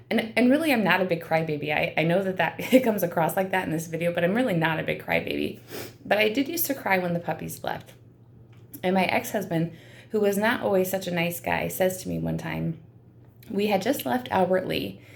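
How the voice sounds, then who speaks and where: Earnest woman with a low, gravelly voice. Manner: earnest and emotional, with frequent ums. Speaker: dog breeder. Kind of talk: heartfelt talk to camera. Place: seated indoors.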